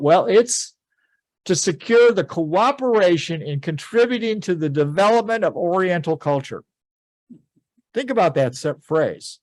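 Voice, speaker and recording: Man lecturing on history in animated storytelling. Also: on the high side, measured pace, dry recording. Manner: animated storytelling, quoting figures in plain conversational voice. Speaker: history teacher.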